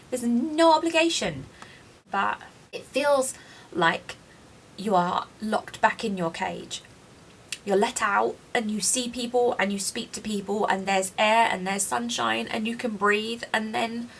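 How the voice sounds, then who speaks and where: A woman's voice: fairly high pitch, creaky, a bit bright, a little hiss or hum. A woman in her late thirties, crying as she confides in a personal video diary, self-deprecating and frank. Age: 30s. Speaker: vlogger.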